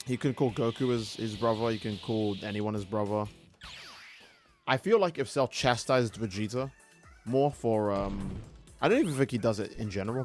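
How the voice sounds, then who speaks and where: A man streaming a video game who rambles casually and swears freely in his commentary. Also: lowish voice. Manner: rambling and profane, acting out characters' lines. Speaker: gaming streamer.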